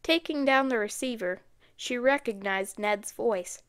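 A woman narrating an audiobook in a steady storytelling manner. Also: fairly high pitch, measured pace, clear, resonant tone. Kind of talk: scripted narration.

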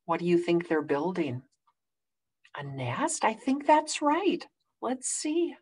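A children's librarian reading a picture book aloud to preschoolers in an animated way, pausing to ask the kids questions. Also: female voice, on the low side, slightly rough.

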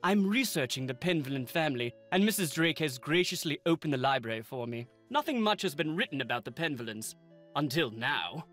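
A man's voice: on the high side, expressive, a little fast, fairly bright tone, soft background music. An actor playing a formal, lecturing male historian in a video game, speaking. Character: pompous English male historian, scholarly. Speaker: researcher character.

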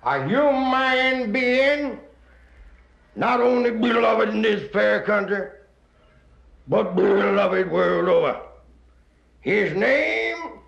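A man doing a bombastic gravelly senator. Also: sits high, expressive, very slow, long pauses, full character voice. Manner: oratorical, swelling to shouts. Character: bombastic male senator giving a grand introduction. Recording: roomy dull old recording.

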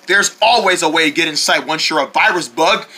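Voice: mid-range voice, fairly quick, bright, forceful tone, breathy edge, voice pushed down. A performer voicing bossy, scheming bug-virus characters in a homemade toy skit. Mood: smug.

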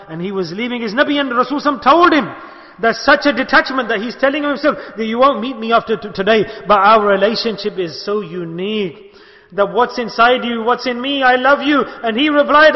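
A man with a high voice preaches a sermon, asking question after question and moving between hushed and loud passages. His voice rings through a large hall with a long echo. The recording sounds muffled and lo-fi. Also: normal speed. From United Kingdom. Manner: impassioned, rhetorical questions, shifts between soft and loud. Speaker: sheikh giving a religious talk.

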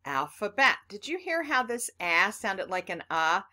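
A woman's voice: mid-range voice, big pitch swings, unhurried, pushed and bright. A woman teaching children phonics, patiently sounding out words letter by letter and talking to the class as boys and girls.

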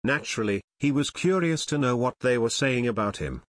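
A man's voice: medium pitch, expressive, brisk, no echo, studio quality. Man narrating a children's fantasy audiobook.

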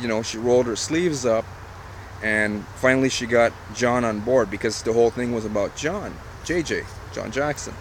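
A man's voice: mid-range voice, a little hiss or hum. A man telling a motivational story in a casual vlog, talking straight to his viewers, emphatic and repetitive, with a little swearing. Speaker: online marketer.

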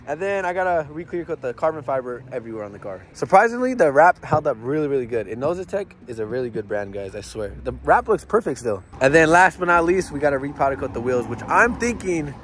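A hoarse man chatting loosely to his vlog viewers, full of slang and calling them guys. The sound is roomy with a lot of background noise, and vehicle sounds come through. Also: a little high, big pitch swings, fast talker, hardly any pauses, a bit bright. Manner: laid-back, slangy, keeps saying bro and guys. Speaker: car vlogger. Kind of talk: casual vlog chat.

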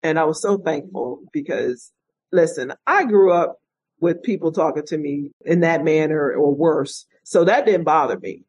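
In a storytelling interview, a middle-aged retired state police officer reflects sincerely on her life, becoming animated as she quotes others. Her low, breathy voice moves at a moderate pace, and the recording has its highs cut off.

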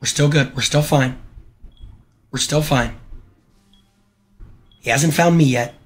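A man streaming gameplay live, excitable and hyping himself up, repeating his phrases over and over. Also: on the high side, slow, faint music behind. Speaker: game streamer.

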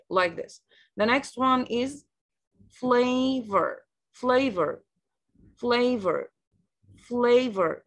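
A woman's voice: fairly high pitch, pushed and bright. A woman with an Egyptian accent teaching an online English lesson over a video call. She repeats each new word several times and explains it in Arabic.

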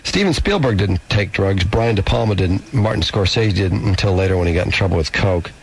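A man's voice: a little fast, slightly rough. An American man hosting morning radio, reading a book aloud and acting out quoted lines, taped from a radio broadcast. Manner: animated reading, acts out quoted lines in a high voice. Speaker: radio morning show host. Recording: home cassette recording of a radio broadcast, faint hiss.

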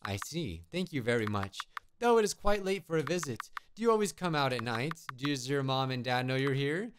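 A man reading the lines of a lonely, motherly woman witch who lives alone in the woods, in a soft and polite way. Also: mid-range voice, lively intonation, normal speed, slight background noise, lightly acted. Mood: gentle. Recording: game music behind.

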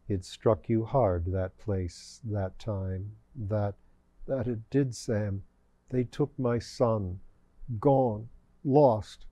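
A man's voice: mid-range voice, mellow, no room sound. A man voicing a grieving old bishop. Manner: sorrowful, halting.

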